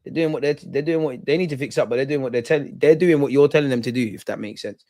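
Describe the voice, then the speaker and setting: Hosting a football watch-along live, this young man talks fast at a medium pitch in a dry, studio-quality recording. Casual and animated, he reacts to the action, reads comments aloud, and veers from mutters to yelling at the ref.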